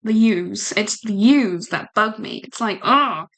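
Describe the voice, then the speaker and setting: A woman's voice: mid-range voice, unhurried, fairly bright tone. A British woman hosting a casual livestream, chatty and rambling with a giggle and lots of fillers. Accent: British English. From United Kingdom. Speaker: livestream host.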